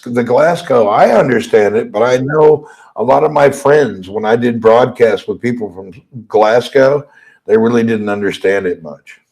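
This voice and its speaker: A man's voice: medium pitch, normal speed, a little mellow, low-quality recording. A man hosting a casual live-stream chat, making wry jokes and reading out viewer comments. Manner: wry, jokey asides, reads viewer comments. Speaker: host. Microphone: phone or webcam on a live stream.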